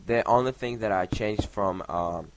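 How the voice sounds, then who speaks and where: A man's voice: fairly low pitch, unhurried. Rambling young man, noisy home mic. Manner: rambling, swears a lot, counts blocks under his breath. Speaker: gaming vlogger. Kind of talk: casual storytelling over gameplay.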